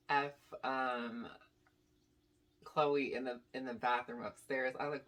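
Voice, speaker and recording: A young woman telling a casual storytime to her channel, animated and rambling with lots of "like" and "basically". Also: very deep voice, measured pace. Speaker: YouTube storyteller.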